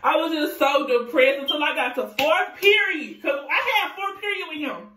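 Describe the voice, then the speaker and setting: A young adult woman telling a casual storytime vlog, animated and profane, laughing often. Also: high-pitched, moderate pace, far from the mic, a little hiss or hum. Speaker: vlogger. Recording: echoey room, voice off-mic.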